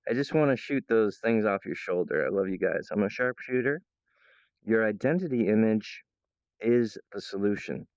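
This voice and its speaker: A man's voice: lowish voice, lively intonation, a little slow, pauses often, darkish tone, smooth, dry recording, lo-fi sound. A man vlogging at home in a meandering, playful monologue full of restarts, stray thoughts and silly voices. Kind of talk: rambling casual monologue to camera. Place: at home, in the kitchen.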